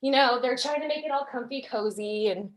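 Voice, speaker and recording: Animated woman telling her own story. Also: high-pitched, brisk. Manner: candid, animated storytelling with quoted inner voices and laughs. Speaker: podcast guest. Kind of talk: personal birth story.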